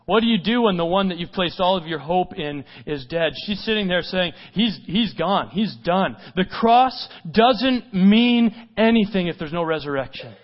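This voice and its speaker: A man preaching a sermon, swinging between loud urgent stretches and hushed quiet ones and firing off rhetorical questions. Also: high-pitched, expressive, normal speed, few pauses, muffled recording. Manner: asks repeated rhetorical questions. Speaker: pastor.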